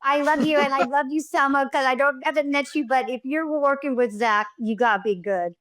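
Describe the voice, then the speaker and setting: A middle-aged woman, a podcast guest, chatting casually and telling stories with lively enthusiasm. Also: high-pitched, brisk, no room sound. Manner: effusive, animated storyteller. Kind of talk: casual interview chat.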